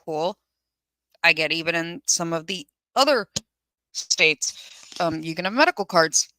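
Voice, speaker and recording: A woman's voice: on the low side, expressive, measured pace, bright, forceful tone, no room sound, rough recording. A woman hosting a live firearms channel, giving casual commentary in a blunt, sarcastic way, swearing freely and answering viewers' comments. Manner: chatty, reads viewer comments aloud.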